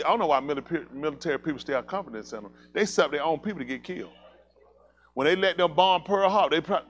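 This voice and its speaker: Fast-talking emphatic preaching man. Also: fairly high pitch. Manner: emphatic preaching, repeats calls like "listen" and "come on"; colloquial, rhetorical questions to the congregation. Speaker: pastor. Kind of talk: fiery sermon.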